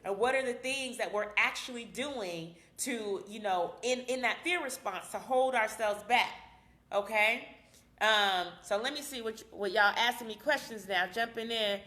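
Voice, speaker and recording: A woman's voice: fairly high pitch, moderate pace, bright, forceful tone, reverberant. A woman psychologist hosting a live stream, talking candidly and casually to viewers with slang and frequent laughs. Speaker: psychologist host.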